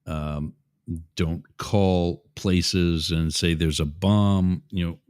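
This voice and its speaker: A man's voice: sits low, steady tone, very slow, darkish tone, clean tone. A man hosting a show, giving opinionated political commentary in a rambling, digressive way with asides to his listeners. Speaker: show host.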